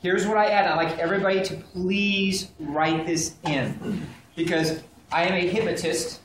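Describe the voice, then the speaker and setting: A man giving a lively sales training seminar to a live audience, acting out sample phone calls as he teaches. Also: sits high, moderate pace, a little hiss or hum. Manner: energetic, animated, acts out phone calls. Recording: very echoey room, faint ambience.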